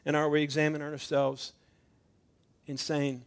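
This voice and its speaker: A middle-aged man preaches at a communion service, his voice sitting a little higher than most men's. He pushes hard on key points, then drops to a near hush, and acts out the voices in his stories. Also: little pitch movement, moderate pace. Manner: swings from loud emphatic preaching to hushed intimate tones; storytelling with acted-out dialogue. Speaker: pastor. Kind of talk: communion sermon.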